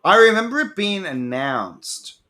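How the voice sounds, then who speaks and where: A man's voice: high voice, big pitch swings, a little slow, sharp tone. A man co-hosting a casual movie podcast, hesitant and full of restarts as he speculates. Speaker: podcast co-host. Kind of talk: casual chat about movies.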